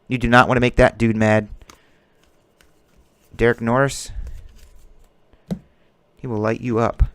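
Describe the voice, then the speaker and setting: A man's voice: mid-range voice, flat delivery, measured pace, clean tone, no echo. A man hosting a card-breaking stream, chatting casually and joking as he calls out player names while opening packs.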